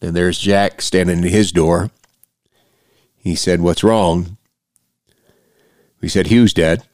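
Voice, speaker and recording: Low-voiced middle-aged man, earnest and halting. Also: steady tone, darkish tone, dry recording, studio quality. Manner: earnest, halting, with frequent restarts. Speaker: podcast host. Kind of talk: personal podcast monologue.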